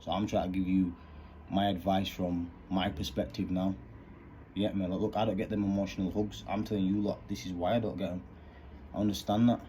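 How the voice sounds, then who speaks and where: A man's voice: low-pitched, level tone, brisk, dark tone, slight background noise. A man, talking earnestly in rambling street slang about fatherhood. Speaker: vlogger. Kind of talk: candid monologue.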